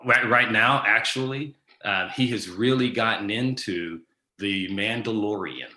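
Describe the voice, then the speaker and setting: A man with a fairly low voice and a bright, forward tone answers questions in a relaxed, casual way. He pauses on ums and restarts his sentences as he thinks. The room around him rings with noticeable echo. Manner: easygoing, many ums and restarts. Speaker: guest. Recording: echoey room.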